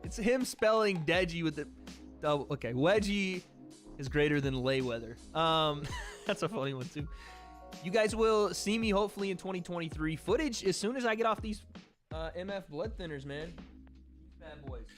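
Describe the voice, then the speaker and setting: A man's voice: fairly high pitch, normal speed, a bit bright, soft background music. A young man from the American South chatting casually on a livestream, reading donations and trailing off with laughs. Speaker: streamer hosting a watch party.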